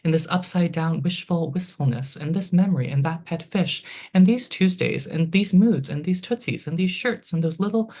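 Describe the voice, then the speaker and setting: A poet in their thirties reading their own poems in a halting, list-like rhythm, with chatty asides full of ums between poems. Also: mid-range voice, a little mellow. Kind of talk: poetry reading.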